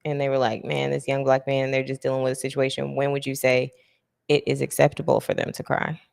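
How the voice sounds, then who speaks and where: A woman's voice: rumbling low, completely flat delivery, brisk, gravelly, a little mellow, in a large hall. A young woman hosting a casual podcast chat, talking candidly and reflectively, laughing easily. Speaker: podcast host.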